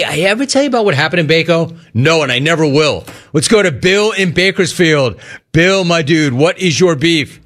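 Male radio call-in host, casual and jokey, middle pitch. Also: a bit bright. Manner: joking, riffing. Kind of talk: casual talk radio hosting.

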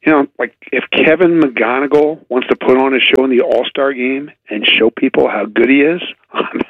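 Male baseball writer, radio guest, gravelly tone, dry phone-line sound, chatty and halting. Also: medium pitch, no room sound. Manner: chatty, halting, sarcastic asides. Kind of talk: casual radio sports chat.

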